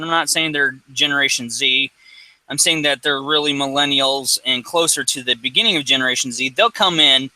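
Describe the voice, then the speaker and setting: Brief: rambling, profane man, high voice, dry close sound. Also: no echo, low-quality recording. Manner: rambling, profane, animated storyteller. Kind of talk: casual chat storytelling.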